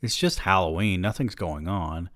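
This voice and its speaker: A man voicing a blank, sullen teenage son who speaks flatly. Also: low voice, moderate pace, no room sound, studio quality. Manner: flat, deadpan, mumbled.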